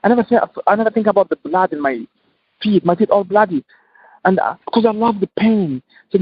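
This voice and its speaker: Tunisian-born guy, fired up, repeats himself a lot, husky voice, kinda muffled audio. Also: sits high, fairly quick. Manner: impassioned, repetitive, non-native English. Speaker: guest entrepreneur. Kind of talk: passionate interview talk.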